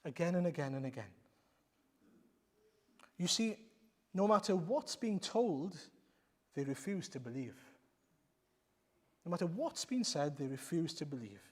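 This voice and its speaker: A man's voice: on the high side, animated, measured pace, long pauses. A man preaching a sermon in a church, emphatic and repetitive, using rhetorical questions. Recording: long reverb of a church hall.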